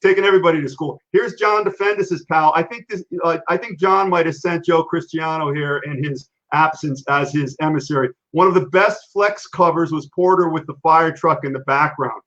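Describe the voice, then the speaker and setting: A man's voice: a little high, normal speed, few pauses, fairly bright tone, lo-fi sound. A man in his fifties hosting a casual live stream chat, talking in a chatty way and breaking off to read viewer comments.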